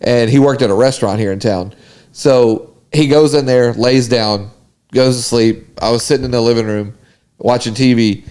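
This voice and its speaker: A male podcast co-host tells a story in casual conversation, animatedly mimicking the voices of the people involved. His voice is medium-pitched, and he speaks at a moderate pace.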